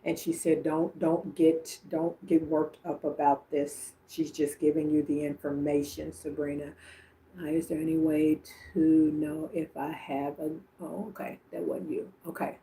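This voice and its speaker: A woman's voice: deep voice, warm tone. A woman reading messages for viewers on a livestream, chatting and calling them by name. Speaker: psychic medium on a livestream.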